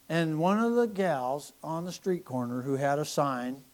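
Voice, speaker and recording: A fairly high-voiced man preaches to his congregation in an animated way. He swings from loud, forceful lines to quiet, joking asides and leans on mocking humor. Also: measured pace. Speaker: pastor. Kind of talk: sermon.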